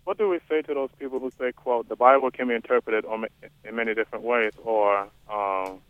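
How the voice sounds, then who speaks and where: A man from Florida calling into a radio show who asks his question haltingly, stumbling a little over his words. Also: medium pitch, fairly even intonation, no room sound, narrow, tinny audio. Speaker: caller. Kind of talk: phone-in question.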